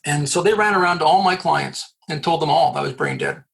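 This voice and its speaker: A man in his sixties, a podcast guest from Canada, telling a personal story in a lively, joking way and acting out the people he quotes. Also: on the high side, a little fast, vocal fry. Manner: lively, jokey storyteller who acts out quoted dialogue. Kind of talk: animated storytelling.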